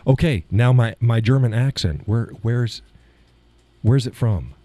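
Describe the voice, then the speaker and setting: A man's voice: medium pitch, animated, unhurried, warm tone, no echo. A man with a Texan accent hosting a live stream, chatting casually and chuckling between viewer comments. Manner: chuckling, drawling, trails off into mumbled asides.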